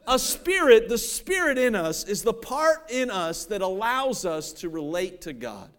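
A man's voice: very high-pitched, sing-song, moderate pace, few pauses, pushed and bright, clean tone. A man from Cincinnati, Ohio, preaching a sermon in a conversational, joking way and often checking that the audience follows along. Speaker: pastor.

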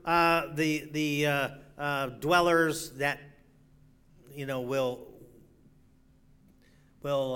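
A middle-aged man preaching a sermon, swinging between loud emphatic declarations and quiet, joking asides. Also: a little high.

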